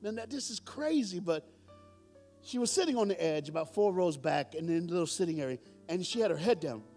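A man's voice: high voice, fairly quick, soft background music. A middle-aged man preaching a storytelling sermon to a live congregation, joking and calling out to the audience. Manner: animated, joking, calls out to the audience. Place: church hall with audience.

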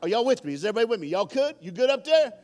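Animated middle-aged man preaching a story. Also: extremely high pitch, rapid-fire, faint music behind. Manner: animated, joking, calls out to the audience. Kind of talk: storytelling sermon to a live congregation. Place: church hall with audience.

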